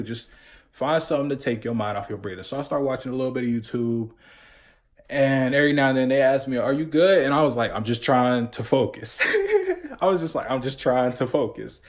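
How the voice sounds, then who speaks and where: Young dude vlogging, animated slangy story, does his friends' voices, mid pitch. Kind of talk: casual storytelling.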